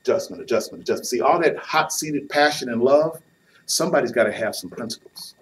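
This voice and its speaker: A man's voice: medium pitch, animated, a little fast. A man giving a youth talk on marriage, playful and acting out what couples say, with a live audience. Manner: playful, acts out couples' lines with audience laughter. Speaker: youth speaker. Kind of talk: sermon. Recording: distant mic with faint noise.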